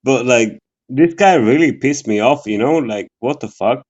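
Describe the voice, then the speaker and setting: A man who is a guest in a casual livestream chat, rambling and halting with many fillers and swearing. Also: mid-range voice, darkish tone, husky, muffled recording.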